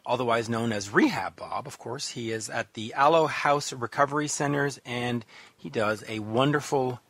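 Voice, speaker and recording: A man's voice: medium pitch, a bit bright, husky. A Canadian man hosts a radio interview with an upbeat, chatty manner and a mid-range voice. He sounds close to the mic, with dry studio sound and no room echo. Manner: upbeat, chatty, effusive in introductions. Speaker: radio host.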